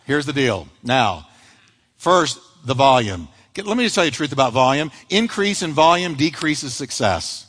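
A man's voice: mid-range voice, normal speed, husky. Man preaching in a reverberant hall. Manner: animated preaching, acts out quoted lines. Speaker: pastor. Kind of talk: sermon.

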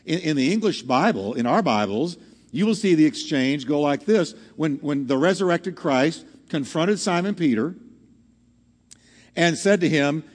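A man preaching a teaching sermon to a congregation, animated and often asking the audience questions. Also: fairly high pitch, measured pace. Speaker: pastor. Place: church hall with live audience. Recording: long hall reverb.

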